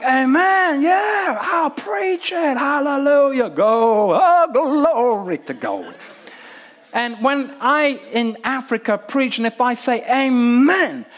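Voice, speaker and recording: Animated high-voiced preacher man. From Nigeria. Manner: animated, humorous, acts out crowd responses. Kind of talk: sermon.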